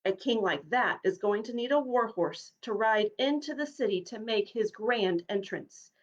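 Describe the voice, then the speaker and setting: A woman's voice: medium pitch, lively intonation, moderate pace, muffled recording, lightly acted. A woman doing a haughty proud war horse. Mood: boastful. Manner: haughty, pompous.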